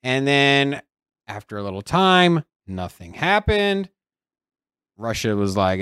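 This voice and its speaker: Smooth-voiced laid-back man. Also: medium pitch, sing-song, slow, fairly bright tone, no echo, studio quality. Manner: loose, laid-back, slangy. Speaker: podcast co-host. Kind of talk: casual market chat.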